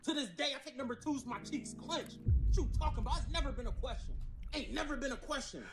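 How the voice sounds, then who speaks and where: A man playing a gruff older ex-con who is touchy and boastful, talking loud, slangy and threatening in a comedy skit. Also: very high-pitched, fast talker, over music. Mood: indignant. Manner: loud, blustering and threatening, slangy street talk.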